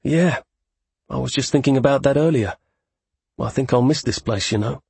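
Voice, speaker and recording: An earnest young man with hidden magic, voiced by a man in an audiobook, speaking in a husky, gravelly voice. He talks earnestly and a little hesitantly. The sound is dry and close to the mic. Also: medium pitch, normal speed, a little mellow, no echo. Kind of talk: audiobook character voice.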